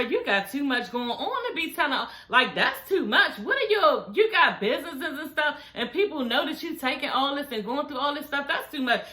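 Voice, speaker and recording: Sassy, animated woman vlogger. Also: high voice. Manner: sassy, animated, profane, talks straight to viewers. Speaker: vlogger recapping a reality show. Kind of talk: casual gossip recap. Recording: echoey room.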